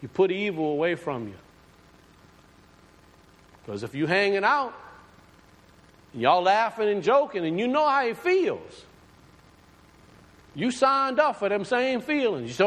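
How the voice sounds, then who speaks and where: Man, preaching, rhetorical questions, high voice, swooping pitch, reverberant sanctuary. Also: sing-song, a little slow, pauses often, fairly bright tone. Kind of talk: sermon. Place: church sanctuary. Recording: long hall reverb.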